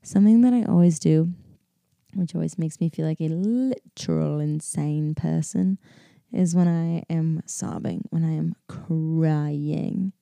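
A woman's voice: sits low, a little slow, vocal fry, dark tone, no echo, studio quality. A woman in her early twenties hosting a casual solo podcast, rambling and upbeat with lots of fillers and laughter, and sounding sleepy. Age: 20s. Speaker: podcast host.

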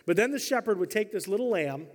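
Male pastor in his forties, humorous storyteller, slightly high voice, sermon recorded with long hall reverb. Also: lively intonation, fast talker.

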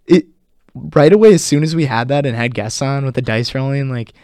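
A young man co-hosting a college radio talk show in casual chat, relaxed and full of fillers. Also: medium pitch, fairly quick, no room sound, clean studio sound. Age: young adult. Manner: relaxed, filler-heavy, laughs often. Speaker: co-host.

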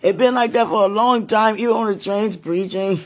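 A woman with a hoarse, husky voice, worn from preaching and crying, talking casually to God in a prayerful monologue and calling out to him between sentences. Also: mid-range voice, moderate pace. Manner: talks to God aloud, breaks into moans and exclamations. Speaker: street preacher.

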